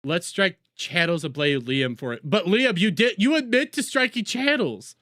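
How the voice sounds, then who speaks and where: Lively, bright-voiced young male streamer. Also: high voice, normal speed, no room sound, clean studio sound. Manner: excitable, mocking and profane, reading chat aloud. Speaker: streamer reacting to clips. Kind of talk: live reaction commentary.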